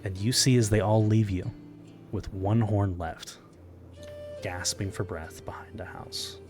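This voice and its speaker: A man narrating a tabletop game as game master, in measured, descriptive storytelling. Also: fairly low pitch, fairly even intonation, a little mellow. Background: background music.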